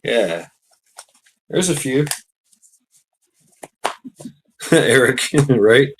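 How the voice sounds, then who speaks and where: A man's voice: medium pitch, animated, very slow, fairly bright tone, slight background noise. Blunt, profane man ranting. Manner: blunt, profane, laughs often, reads chat names. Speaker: livestream host. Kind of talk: casual ranting commentary to live chat. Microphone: computer mic on a live stream.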